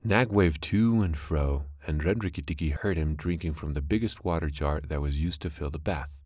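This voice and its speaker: A man narrating a classic animal story in a measured, expressive way. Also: a bass voice, no echo, clean studio sound.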